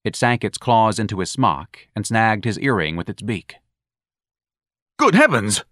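A man's voice: on the low side, normal speed, fairly bright tone, no echo, studio quality. A man reading a novel aloud as an audiobook narrator, telling the story expressively. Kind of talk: scripted narration.

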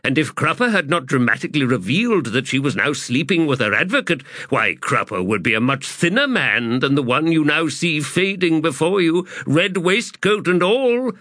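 A man's voice: a little high, very animated, normal speed, few pauses, sharp tone, no room sound, clean studio sound, pitched above the performer's own voice. A man voicing a pompous, boastful male trader who speaks of himself in the third person, in an audiobook.

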